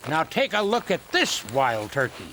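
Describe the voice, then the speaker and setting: A man playing a cheerful elderly woodsman on a children's nature show, gently teaching bird calls. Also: on the high side, huge pitch swings, full character voice. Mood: playful. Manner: slow, gentle, playful teaching. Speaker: woodland nature guide. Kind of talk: children's TV acting. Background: background music.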